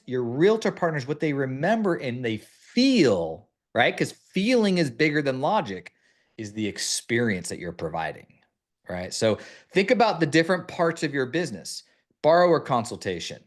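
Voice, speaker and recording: A man hosting a mortgage-business podcast, coaching listeners step by step in an instructive way. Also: on the high side. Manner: instructive, lays out steps one by one. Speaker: mortgage branch leader and podcast host.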